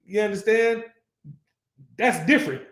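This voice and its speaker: A man with a high-pitched voice leads a scripture class, speaking bluntly and swearing freely. He keeps asking his listeners whether they understand. The room around him is echoey. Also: unhurried, a bit bright. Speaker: class teacher.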